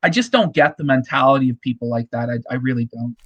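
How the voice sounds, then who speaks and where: A man's voice: mid-range voice, fast talker, fairly bright tone. A man on a podcast, ranting crudely with heavy swearing in casual chat. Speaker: podcast co-host.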